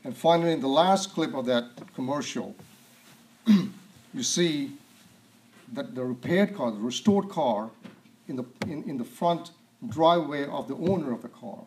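Preacher, male, slightly high-pitched, reads verses aloud, poses rhetorical questions. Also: expressive, measured pace, darkish tone, slight background noise. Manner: reads scripture aloud, asks rhetorical questions, clears throat often. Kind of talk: sermon.

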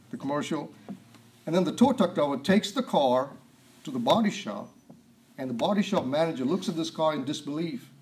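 A man preaching a sermon, reading scripture aloud, asking rhetorical questions and often clearing his throat. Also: a little high, lively intonation, moderate pace, long pauses, a little mellow, a little hiss or hum.

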